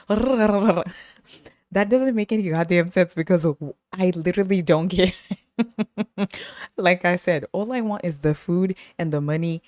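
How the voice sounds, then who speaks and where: A sassy woman podcast host with a fairly low voice, telling stories in a lively, animated way and laughing often. The sound is dry and close, with no room echo. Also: slow pace. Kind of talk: casual storytelling monologue.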